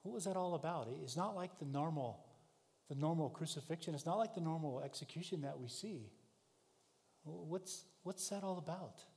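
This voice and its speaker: A man preaching a sermon, telling a vivid story in the second person, rising to shouts and dropping to hushed tones. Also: a little high, moderate pace, creaky. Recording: long hall reverb.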